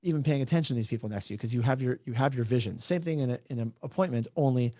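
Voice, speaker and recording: A man's voice: mid-range voice, warm tone, no echo, clean studio sound. A man moderating a casual discussion as a real estate agent, explaining ideas through examples and checking in with "right?". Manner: brisk, explanatory, keeps adding "right?".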